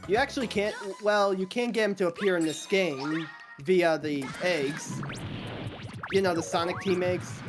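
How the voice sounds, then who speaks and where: A woman's voice: fairly low pitch, a little slow. A woman commentating casually while playing a video game, explaining things and often restarting her sentences. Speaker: game player. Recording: music playing behind.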